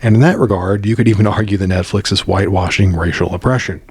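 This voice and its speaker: Blunt, husky American man commenting. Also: deep voice, fast talker, darkish tone, dry recording. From United States. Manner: blunt, opinionated, swears freely. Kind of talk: scripted commentary monologue.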